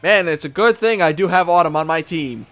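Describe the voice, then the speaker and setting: A man giving casual gameplay commentary, excitable and profane, talking back at the characters on screen. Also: on the high side, a little fast, faint music behind. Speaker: let's play gamer.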